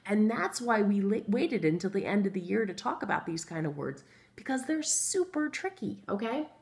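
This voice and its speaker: A woman's voice: medium pitch, animated, a little fast, gravelly, a little mellow. A woman teaching a first grade phonics lesson, patient and encouraging, spelling out words letter by letter as she writes them on a board. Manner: writes on a board while talking. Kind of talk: recorded remote phonics lesson.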